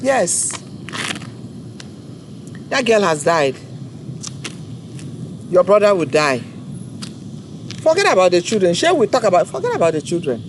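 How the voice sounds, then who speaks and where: A woman's voice: lowish voice, big pitch swings, a little slow, pauses often, a little hiss or hum. A woman, from Africa, hosting an online forum in an impassioned, tearful monologue, pleading and repeating her points. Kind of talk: impassioned direct-to-camera monologue.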